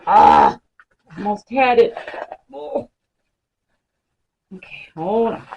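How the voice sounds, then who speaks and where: A woman's voice: mid-range voice, lively intonation, unhurried, lo-fi sound, background noise. A woman chatting casually through a crafting demonstration in her home craft room, now and then talking to her pets. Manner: chatty, talks to her pets mid-task. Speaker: crafting vlogger.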